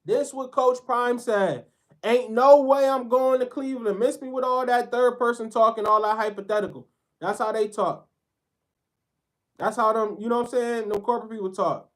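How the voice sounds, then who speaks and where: A man's voice: sits high, fairly even intonation, moderate pace, fairly bright tone. A man ranting in a sports commentary video, fired up and blunt. He talks in loose slang and swears freely. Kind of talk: heated sports commentary rant.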